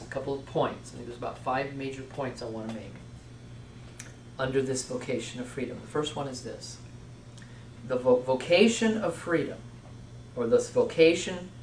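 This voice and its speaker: A man's voice: a little high, a little hiss or hum. A man giving a sermon-style lecture on vocation, stressing points through repeated lists and restarting his phrases. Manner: repetitive, emphatic listing with self-restarts. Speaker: teacher speaking on Christian vocation. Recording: echoey room, voice from far off.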